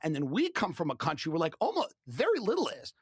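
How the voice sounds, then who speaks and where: A man in a played clip, ranting in a blunt, animated way with crude punchlines. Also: on the high side, fast talker, breathy edge, dry recording, studio quality. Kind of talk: casual chat.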